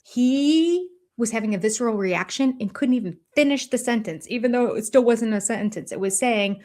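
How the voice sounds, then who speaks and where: An older woman giving deliberate, analytical commentary as a host, with a dryly sarcastic edge. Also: fairly high pitch, a little mellow.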